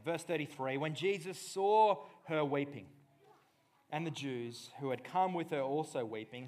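A man delivering a sermon with real passion. His voice sits a little high, and he drops to near-hushed lines before building into loud, urgent bursts. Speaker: pastor.

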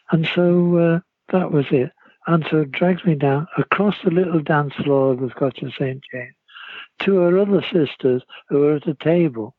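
An older man with a Liverpool accent telling rambling, lively anecdotes as an interview guest, over a tinny phone line. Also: a little high, normal speed, slightly rough, no echo. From Liverpool, England. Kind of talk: anecdotal storytelling.

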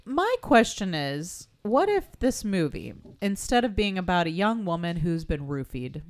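A woman talking through a film with friends on a podcast. Her voice moves widely up and down in pitch as she jokes. She leans on sarcasm and throws in little acted bits. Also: sing-song, unhurried. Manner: sarcastic, playful, acts out characters. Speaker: podcast co-host. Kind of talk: casual movie discussion.

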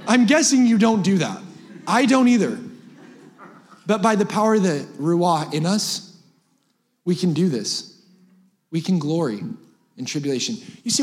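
An energetic young man delivers a sermon from a church stage. His voice sits high for a man, and he talks fast and playfully, jumping up into sudden exclamations. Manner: animated, humorous, rapid-fire with sudden high-pitched exclamations. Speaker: guest preacher. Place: church sanctuary.

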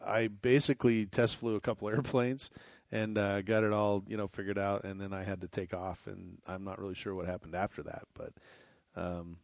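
A man's voice: on the low side, little pitch movement, normal speed, creaky, dry recording. A man talking as a podcast guest in casual chat, rambling and restarting his sentences often.

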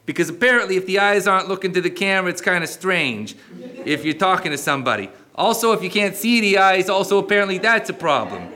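A man's voice: high voice, expressive, fast, sharp tone. A man performing a brash, joking puppet showman who talks out of the side of his mouth in a live puppet comedy. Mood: cocky.

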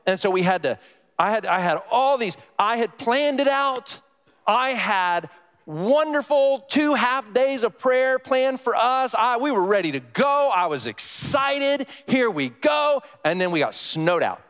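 A man's voice: extremely high pitch, animated, measured pace, fairly bright tone, clean tone. Man preaching in a reverberant hall. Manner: conversational, asks the congregation questions. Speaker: pastor. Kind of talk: sermon.

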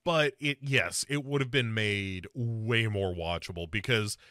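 A man hosting a casual movie podcast, his voice bright and forward. He rambles and restarts, padding his talk with fillers. The sound is dry and close, with no room around it. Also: fairly low pitch, unhurried, no echo. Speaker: podcast host.

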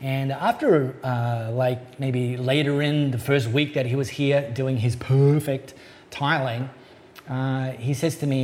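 A man preaching a sermon as a pastor, in a conversational way, slowing down to stress key points. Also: medium pitch, fairly even intonation, darkish tone, slight background noise.

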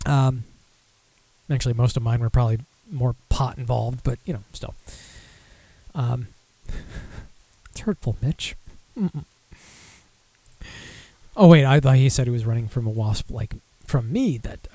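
A man's voice: mid-range voice, gravelly, a little mellow, no room sound. A young man hosting a casual podcast, rambling and self-deprecating with lots of fillers while running through beer news. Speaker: podcast host.

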